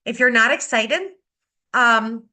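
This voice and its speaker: A woman beauty consultant giving an upbeat, energetic sales-training talk on a video call, repeating her key advice. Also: a little high, takes it slowly. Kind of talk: coaching talk on a video meeting.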